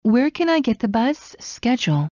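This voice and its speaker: A woman reads short English practice phrases aloud for learners, one at a time with even pauses. Her voice is mellow and soft-edged. The recording is dry and slightly dull, with a lo-fi quality. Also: on the high side, no room sound. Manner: slow, evenly spaced phrase-by-phrase reading. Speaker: English teacher.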